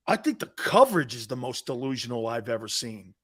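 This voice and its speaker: A man's voice: mid-range voice, very animated, fairly quick, few pauses, husky. A man from Connecticut hosting a sports talk show, blunt and mocking as he reads viewer comments and rants.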